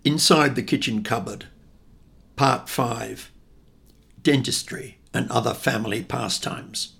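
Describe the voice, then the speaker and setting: A man's voice: medium pitch, slow pace, gravelly, fairly bright tone, breathy edge. An older man from England reading his childhood memoir in a wry, reflective way. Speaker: narrator.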